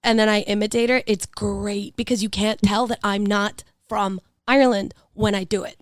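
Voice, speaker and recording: A New York woman in her thirties chats and laughs her way through a casual podcast as co-host, swearing and often restarting her sentences. Her medium-pitched voice is fairly even and moderately paced, recorded dry with studio quality.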